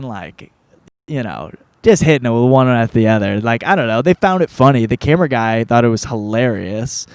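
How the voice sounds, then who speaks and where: A man in his thirties hosting a podcast, talking through his story in a loose, meandering way with constant filler words and casual swearing. His voice sits at an ordinary middle pitch. The sound is close and dry. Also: lively intonation, normal speed, darkish tone, clear, resonant tone, no echo. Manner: rambling, profane, laid-back, lots of filler words. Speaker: podcast host.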